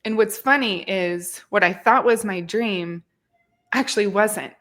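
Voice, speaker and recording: A woman in her thirties talks through a fitness podcast in an earnest, reflective, motivating way. Her voice sits at a middling pitch for a woman. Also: measured pace, a bit bright. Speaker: fitness podcast host and coach. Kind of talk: casual podcast chat.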